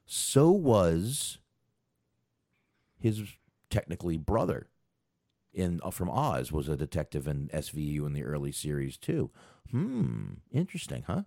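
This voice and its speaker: A man's voice: rumbling low, wildly swooping pitch, measured pace, gravelly, long pauses, mellow, no room sound, studio quality. A man hosting a podcast, rambling casually about a film and thinking aloud while looking things up. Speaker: podcast host.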